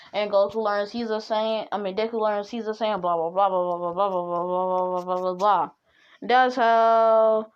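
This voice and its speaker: A woman's voice: mid-range voice, lo-fi sound. A young woman casually retelling a fan-made story, rambling with lots of fillers and self-corrections.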